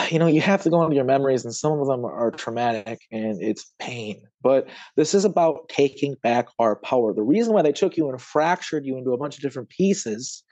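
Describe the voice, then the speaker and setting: A man's voice: medium pitch, animated, brisk, darkish tone, no echo, dull audio. A man on a podcast talking emotionally and rambling with many fillers, near tears, swearing at times. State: close to tears. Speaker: podcast guest. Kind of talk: emotional conversation.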